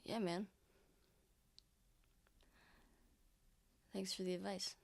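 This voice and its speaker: A woman's voice: mid-range voice, flat delivery, brisk, creaky, darkish tone. A woman playing a casual, easygoing young man in a tabletop game, in a laid-back way. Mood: wry.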